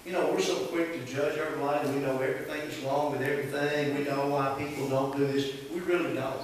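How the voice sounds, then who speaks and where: A man's voice: medium pitch, little pitch movement, quick pace, few pauses. A man with a Southern US accent, preaching a sermon in a folksy, conversational way and drawing responses from the congregation. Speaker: pastor. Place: church sanctuary. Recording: echoey church hall from far off, faint hiss.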